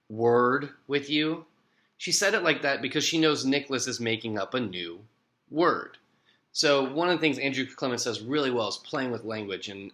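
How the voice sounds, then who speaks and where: A man reading a children's book aloud to students and pausing to explain it in a friendly, expressive way. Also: medium pitch. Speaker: teacher.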